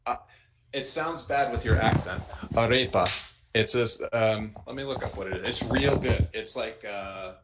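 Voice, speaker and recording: A relaxed man chatting as co-host of a live podcast. He speaks at an everyday pitch, in an easygoing way. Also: normal speed, heavy background noise. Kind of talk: casual chat.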